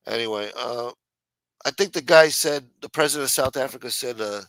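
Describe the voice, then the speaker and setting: A man's voice: fairly low pitch, fairly quick, a bit bright, no echo. A man hosting a casual live stream, rambling and swearing, reading chat aloud and acting out quotes in a raised voice.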